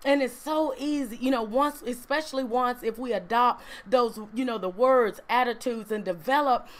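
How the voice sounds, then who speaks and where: A woman's voice: a little high, normal speed. A woman hosting a faith-based livestream, chatty and encouraging, often tagging "right?" onto her sentences. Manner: chatty and encouraging, peppered with "right?" and "you know". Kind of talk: casual inspirational talk to a live audience.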